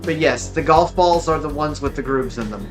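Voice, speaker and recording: A man's voice: fairly high pitch, moderate pace, music in the background. A man hosting a game stream, chatting casually and thinking aloud with many fillers. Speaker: streamer host. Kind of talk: casual chat while playing.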